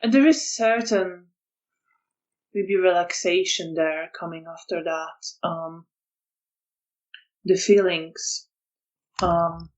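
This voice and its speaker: A woman narrating a tabletop vampire game as storyteller, soft-spoken and hesitant with fillers. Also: lowish voice, takes it slowly, long pauses, highs cut off.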